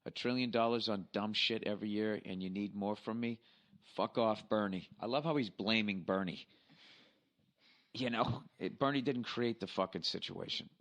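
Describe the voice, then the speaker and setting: A man's voice: lowish voice, normal speed, a bit bright. A man in his forties from the United States, hosting a podcast in a blunt, profane, exasperated way while reading out a listener's letter. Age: 40s. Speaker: podcast host.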